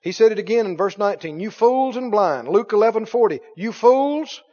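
A man preaching a sermon as pastor, reading scripture aloud with animated delivery. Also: sits high, brisk. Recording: dull sound in a long-reverb hall.

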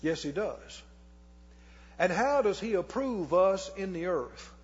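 A man preaching a sermon as pastor, reading scripture slowly and putting questions to the congregation that he answers himself. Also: sits high, big pitch swings, slightly rough. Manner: reads scripture slowly and deliberately. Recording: long hall reverb, dull lo-fi sound.

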